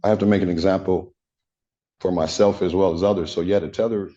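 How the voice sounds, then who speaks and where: Halting older man, deep, dark voice. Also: steady tone. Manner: halting, repetitive, earnest. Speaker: defendant. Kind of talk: addressing the court. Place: courtroom. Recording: dull lo-fi courtroom audio.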